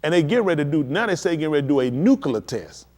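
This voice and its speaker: A man preaching on a livestream, emphatic and addressing his listeners directly, building to excited peaks. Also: a little high, very fast. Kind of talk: livestream preaching on world events.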